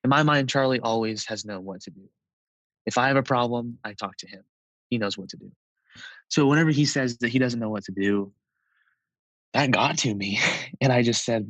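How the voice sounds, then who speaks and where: A man of twenty-one, a podcast guest, telling a personal story in a relaxed, chatty way with frequent fillers. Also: fairly low pitch, normal speed, long pauses, dry recording, muffled recording.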